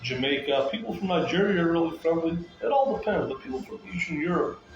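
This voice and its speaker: Speaking a bit high and quickly, a man rants casually at viewers, agitated and rambling, circling back to the same phrases again and again. Faint music plays behind him, and the audio is echoey and muffled with loud room ambience.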